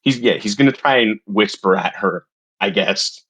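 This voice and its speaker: A man's voice: on the low side, moderate pace, a bit bright, husky. A man playing a tabletop game, hesitant and thinking aloud. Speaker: player.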